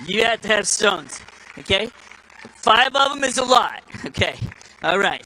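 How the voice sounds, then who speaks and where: A man's voice: sits high, very animated, unhurried, long pauses, sharp tone, low-quality recording. A man giving a speech to a live audience, telling folksy stories with repeated restarts and acting out the voices he quotes. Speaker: speaker at a political summit.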